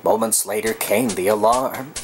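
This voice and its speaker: A woman narrating a children's cartoon story in a fan redub, steady storytelling. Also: very deep voice, normal speed, music in the background, rough recording.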